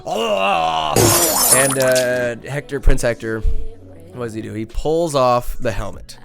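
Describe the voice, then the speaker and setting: A man's voice: medium pitch, slow, vocal fry, over loud music. A man hosting a podcast, recapping a movie in a casual comic way, crude and joking, rambling with lots of fillers. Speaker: podcast host.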